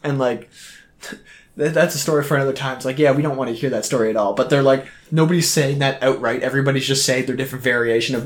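A man's voice: mid-range voice, fast talker. A young man in an easygoing podcast chat. He swears often and leans on fillers as he rambles through stories. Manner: loose, swearing, filler-heavy. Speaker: podcast co-host. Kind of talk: casual chat.

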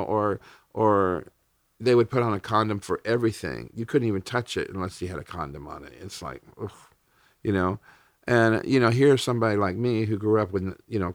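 Speaking in a low yet fairly bright voice, a middle-aged Texan guest on a podcast recounts his personal stories bluntly, candidly, and with feeling. The recording is dry and studio quality.

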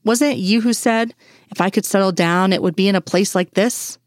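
A woman voicing an exasperated grown woman, a sharp FBI doctor, in a fan story reading. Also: mid-range voice, normal speed, no echo, clean studio sound, natural voice. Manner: exasperated, pleading.

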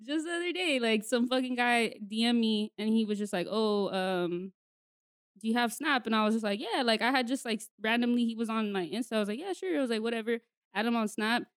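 Laughing young woman, clear voice. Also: a little high, fast, no room sound, studio quality. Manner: laughs often, slangy and profane. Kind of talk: casual chat.

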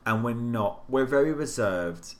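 A man's voice: medium pitch, lively intonation, unhurried. An English man co-hosting a podcast, telling rambling anecdotes in casual chat with lots of restarts. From England. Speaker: podcast co-host.

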